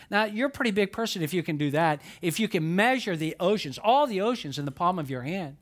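A man's voice: high-pitched, lively intonation, fairly quick, hardly any pauses. A man preaching a sermon, folksy and storytelling, with emphatic rises. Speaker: pastor. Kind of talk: sermon with humorous stories.

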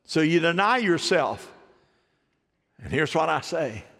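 A man's voice: a little high, slow, creaky. Folksy preaching man in a reverberant hall. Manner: folksy, animated preaching with questions to the congregation. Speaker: pastor. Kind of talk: sermon.

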